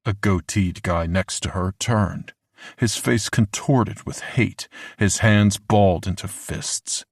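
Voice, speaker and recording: A man reading a horror audiobook in a measured, deliberate way, slowing down for the grim moments. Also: fairly low pitch, vocal fry, slightly rough, dry recording, studio quality. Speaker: audiobook narrator. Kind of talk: scripted horror narration.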